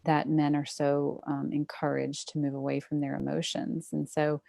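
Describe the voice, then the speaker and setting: A woman with a very low, gravelly voice talks about her coaching work with fathers. She is warm and empathetic. The sound is dry and close. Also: completely flat delivery, moderate pace, no room sound. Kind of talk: casual conversation.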